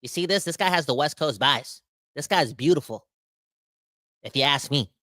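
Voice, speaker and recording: A man hosting a sports podcast, ranting with animated, emphatic exasperation. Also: fairly high pitch, normal speed, no room sound, clean studio sound. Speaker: podcast host.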